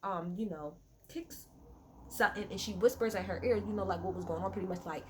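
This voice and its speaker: A woman chatting through a reality TV recap at home, her voice sitting at an ordinary middle pitch. She rambles along with plenty of fillers and swears freely. A faint hiss of noise sits behind her. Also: expressive, moderate pace. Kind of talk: casual recap chat. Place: at home at night.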